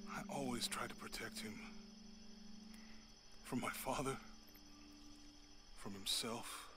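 An actor voicing an earnest, caring male adventurer in a video game cutscene, speaking softly. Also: medium pitch, steady tone, slow pace, noisy background, lightly acted. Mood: concerned. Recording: game audio under loud music.

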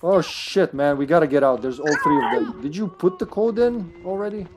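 A man streaming a survival game live, chatting excitably, joking and swearing as he plays. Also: fairly high pitch, brisk, noisy background. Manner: excitable, swears, jokes around. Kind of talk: live gameplay chat.

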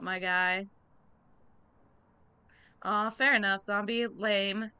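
Bright, slow-talking woman streamer. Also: medium pitch, smooth. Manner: chatty, relaxed, hums idly between remarks; slangy, talks straight to chat. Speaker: game streamer. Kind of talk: casual live-stream chat.

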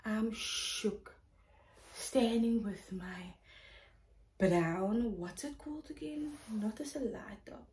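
A woman vlogger telling a story in a casual, animated way, with lots of "like". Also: on the high side, slow pace, low-quality recording. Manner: animated, chatty storytelling full of "like".

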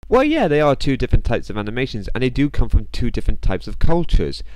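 A man delivers a video commentary with a sarcastic, mocking edge. His pitch swings widely as he talks. The recording is dry and close, with no room sound. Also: very animated, quick pace, a little mellow, dry recording.

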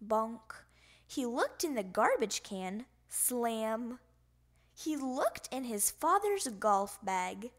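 A woman's voice: on the high side, sing-song, drawn-out words. A woman reading a picture book aloud for children, playfully speaking the sound effects. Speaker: storybook reader.

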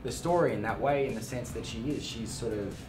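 A man film cast member rambling quickly in a casual press chat, searching for words. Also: medium pitch, echoey room, over music, low-quality recording.

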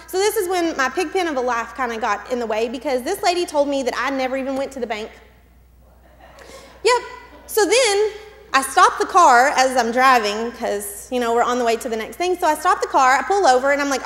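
A woman's voice: high voice, lively intonation, fairly quick, in a large hall. A woman in her thirties telling a chatty, self-deprecating personal story to a church congregation. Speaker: church speaker. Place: church hall.

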